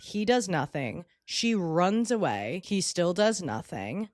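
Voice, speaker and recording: A woman's voice: fairly low pitch, slow pace, no room sound, studio quality. Exasperated young woman vlogger. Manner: animated, exasperated, sarcastic. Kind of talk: casual movie rewatch commentary.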